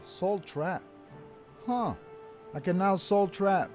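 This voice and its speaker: A man's voice: high voice, takes it slowly. A man commentating his live game stream, cursing in frustrated outbursts with faint game music behind. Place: home room at a computer.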